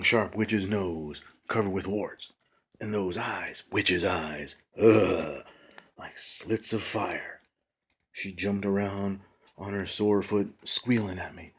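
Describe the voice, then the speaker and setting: A man's voice: deep voice, fairly bright tone, slight background noise. A man reading a children's ghost story aloud, adding playful casual asides. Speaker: reader of a children's book.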